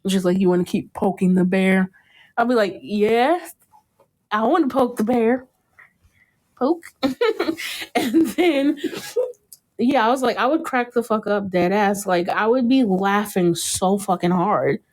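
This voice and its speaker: A woman's voice: a little high, slow pace, long pauses. Laughing, swearing woman recapping a show. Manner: animated, laughs often, swears casually. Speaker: podcast host. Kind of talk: casual chat recapping a TV show.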